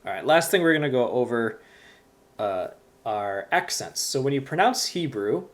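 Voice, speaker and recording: Guy walking through a language lesson, patient, lots of ums, mid-pitched voice. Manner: patient, explanatory, with frequent fillers. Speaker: Hebrew teacher.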